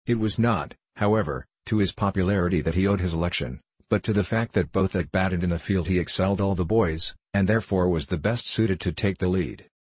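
Deep husky man, steady storybook narration, dry close sound. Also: fairly quick, few pauses, no room sound. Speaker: audiobook narrator. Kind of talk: scripted narration.

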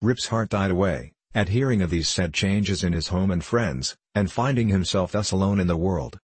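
Male narrator for a classic story, steady and measured, slightly husky. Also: sits low, dry recording. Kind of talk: audiobook reading of a classic tale.

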